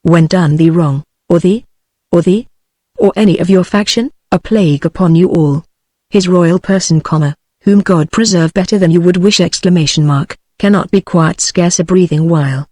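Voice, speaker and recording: A text-to-speech woman's voice with a British English accent reads the lines of a bitter, scheming male duke in a flat, even manner. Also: fairly low pitch, moderate pace, no echo, studio quality, natural voice. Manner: flat, even synthetic reading.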